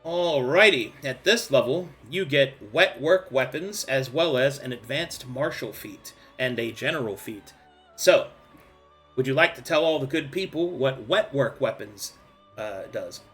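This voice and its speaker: Bright-voiced, playful male game master. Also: medium pitch, animated, unhurried, soft background music. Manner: playful, hypes up the players. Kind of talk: running a tabletop game.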